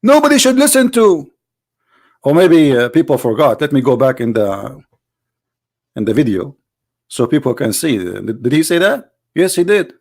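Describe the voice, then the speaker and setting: A man's voice: mid-range voice, sing-song, moderate pace, pauses often, darkish tone. A man on a livestream, commenting on a debate clip with mocking, argumentative rebuttals.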